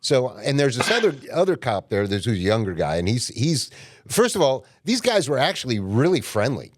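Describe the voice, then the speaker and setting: A man's voice: medium pitch, sing-song, a little fast, background noise. A man telling a rambling, colloquial story on a podcast, with a bit of casual cursing. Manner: rambling, colloquial, mildly profane. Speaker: podcast guest or host.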